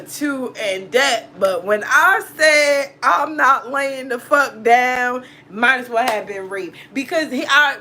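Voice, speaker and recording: Woman, casual storytelling, crisp bright tone, blunt, profane, laughs a lot. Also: medium pitch, a little hiss or hum. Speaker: tarot reader.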